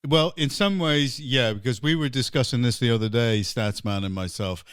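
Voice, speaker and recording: A man's voice: mid-range voice, normal speed, fairly bright tone, smooth, dry recording, clean studio sound. An English man hosting a podcast, chatting in a jokey way and laughing often. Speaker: podcast host. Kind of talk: casual podcast chat.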